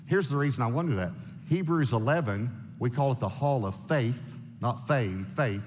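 A man preaching a sermon, emphatic and animated, firing off rhetorical questions. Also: medium pitch, normal speed. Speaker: pastor. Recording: long hall reverb.

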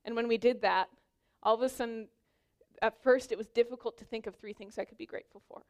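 A young woman gives a sermon, challenging her listeners directly in an earnest, encouraging way. Her voice sits a little high. She is pregnant and weaves personal stories into the message. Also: fairly even intonation, fast. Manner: earnest, exhorting, personal anecdotes. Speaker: preacher.

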